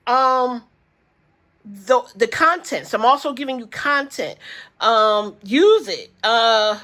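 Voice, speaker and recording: Woman, older, grandmother, budgeting vlogger, easygoing chatty rambler, slightly high voice. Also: a bit bright. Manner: chatty, rambling, addresses viewers as y'all. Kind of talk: casual chat to viewers.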